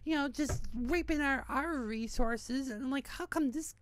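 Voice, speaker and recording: A woman's voice: high-pitched, unhurried, slight background noise. A woman in her thirties, from New Hampshire, ranting bitterly in a rambling, profane monologue full of restarts. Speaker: online community founder.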